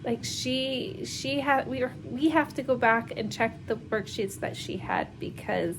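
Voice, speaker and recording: Her voice is on the high side, expressive and unhurried, with a noisy background. She's a homeschooling mother in her thirties vlogging casually over laundry at home, rambling with plenty of fillers and nervous laughter.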